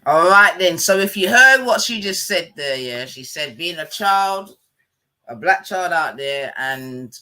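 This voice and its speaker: A man hosts a live stream and reacts to a clip between pauses. His voice is bright and a little high. He talks in relaxed slang and trails off into muttered asides. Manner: laid-back slangy chat with muttered asides. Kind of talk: casual live stream commentary.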